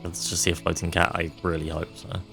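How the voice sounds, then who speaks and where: A man streaming a game live, musing in relaxed asides between the dialogue. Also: sits low, fairly quick, vocal fry, over music. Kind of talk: live gameplay commentary.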